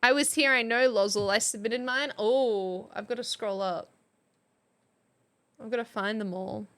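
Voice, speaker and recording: Slow-talking woman streamer. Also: a little high, a bit bright. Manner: reads chat entries aloud, laughs often. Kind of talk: casual live-stream chat.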